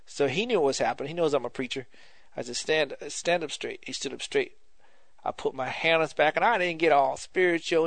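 Male preacher, a bit higher-pitched, conversational sermon style, dry close recording. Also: fairly quick, a bit bright, no echo. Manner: conversational, repeats phrases for emphasis, ends in prayer. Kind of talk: informal sermon with testimony.

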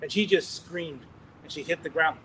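A man preaching, telling a testimony in an animated, rambling way with laughs and restarts. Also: on the high side, normal speed, slight background noise, rough recording. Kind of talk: sermon testimony storytelling.

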